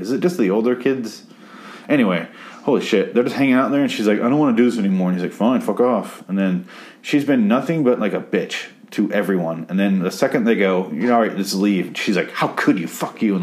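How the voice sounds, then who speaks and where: A man's voice: low voice, darkish tone. A young man rambling through a sarcastic, profane recap of a TV episode. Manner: rambling, sarcastic, swears a lot.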